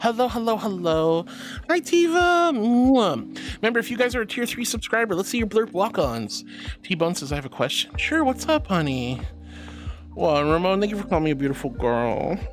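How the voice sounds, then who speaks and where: Talking a little fast over soft background music, this young VTuber has a lowish voice and a bubbly, affectionate way of thanking viewers. She reads their messages in casual chat and calls them "sweetie."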